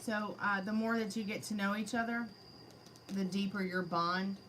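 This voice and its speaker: A woman's voice: medium pitch, fairly even intonation, moderate pace, a bit bright, a little hiss or hum, rough recording. A woman giving a live-streamed tarot reading, chatting casually and addressing spirits and her chat directly. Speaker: tarot reader. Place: her home.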